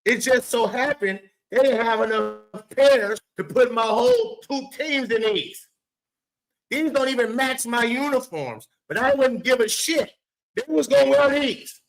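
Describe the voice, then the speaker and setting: A man hosting a casual live stream, animated, swearing and talking back to his chat. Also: very high-pitched, a little slow. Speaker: show host.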